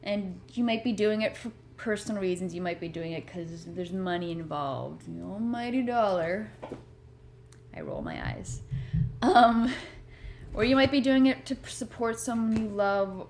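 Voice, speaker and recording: A woman talks at home in a loose, rambling way, earnest and a little self-deprecating. Her voice sits at a middle pitch. A faint hiss of room noise hangs under her words. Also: normal speed, hardly any pauses, a little mellow. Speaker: motivational vlogger. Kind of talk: rambling casual chat.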